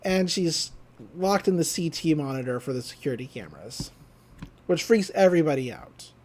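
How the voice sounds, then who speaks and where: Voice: medium pitch, big pitch swings, moderate pace, a little mellow. A podcast co-host in a casual recap who rambles, laughs often and acts out the lines.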